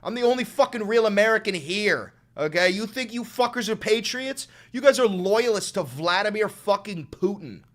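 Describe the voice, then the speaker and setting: A man's voice: high voice, expressive, normal speed, few pauses, a bit bright. A young man hosting a live stream, ranting at his chat in a profane, taunting, combative way. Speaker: streamer, channel host. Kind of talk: live-stream political rant.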